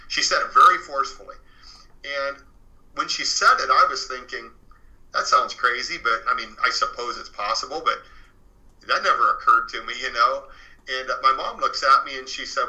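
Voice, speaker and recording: A man's voice: mid-range voice, expressive, normal speed, sharp tone, poor audio. A man as an interview guest, earnestly telling a true paranormal story in a casual way, full of fillers. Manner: earnest and conversational, many fillers.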